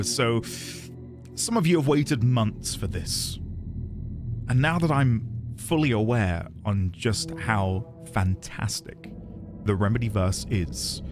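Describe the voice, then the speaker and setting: A young man streaming a game, chatting casually and reading his viewers' messages aloud with playful mock outrage. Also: fairly low pitch. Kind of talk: casual live-stream chat greeting viewers. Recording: faint music underneath.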